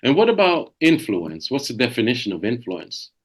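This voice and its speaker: A man's voice: medium pitch, wildly swooping pitch, moderate pace, breathy edge. A middle-aged man leading a sales coaching webinar over a video call, talking emphatically and repeating key phrases.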